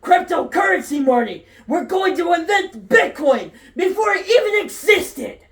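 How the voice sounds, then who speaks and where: Woman putting on a wild old scientist guy, loud n giddy, highish voice, echoey room far from mic. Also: lively intonation, measured pace. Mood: excited. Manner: loud, giddy, shouting exclamations. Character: excitable eccentric old male scientist. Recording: roomy echo, distant from mic.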